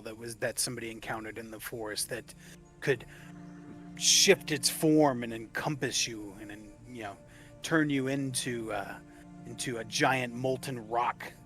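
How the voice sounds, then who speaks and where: A man doing an excitable tavern gossip, Alehead. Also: mid-range voice, unhurried, faint music behind. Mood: conspiratorial. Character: excitable old tavern storyteller Alehead, male.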